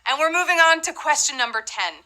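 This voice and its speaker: A woman's voice: high-pitched, lively intonation, fast, very noisy. A woman hosting a live trivia game show, chatty and playful, with asides to the players.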